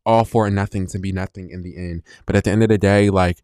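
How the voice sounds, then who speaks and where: A man hosting his own podcast, speaking bluntly and with profanity in a slow, reflective solo monologue about a breakup. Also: deep voice, steady tone, darkish tone, dry recording, studio quality. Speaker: podcast host.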